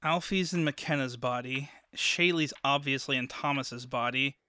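A woman's voice: a bass voice, a little slow, sharp tone, no echo, studio quality, heavily acted. A woman in an audio drama, playing a sarcastic woman stuck in a man's body. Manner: sarcastic, wry.

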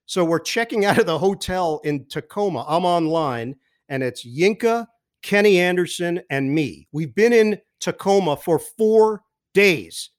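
A man who works as a sports broadcaster, telling lively anecdotes as a podcast guest and mimicking the people in them. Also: high voice, measured pace. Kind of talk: animated storytelling in a podcast interview.

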